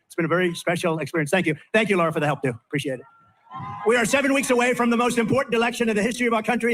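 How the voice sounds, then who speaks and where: A man's voice: high-pitched, fairly bright tone, slight background noise. An older man giving a rambling campaign rally speech from a stage, full of repetitive, off-the-cuff asides. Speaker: political candidate at a rally.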